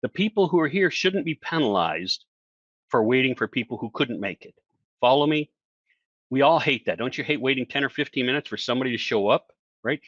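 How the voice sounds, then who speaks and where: A man coaching virtual presenters in a lively online talk, who asks the audience questions and acts out other people's lines. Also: mid-range voice, brisk, dry recording, muffled recording. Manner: animated, acts out quoted voices, asks listeners questions.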